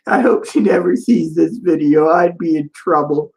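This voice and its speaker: A man's voice: on the high side, normal speed, gravelly, few pauses, a little mellow, low-quality recording. A man talking casually to camera in a personal vlog, rambling and profane, with many fillers. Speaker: vlogger.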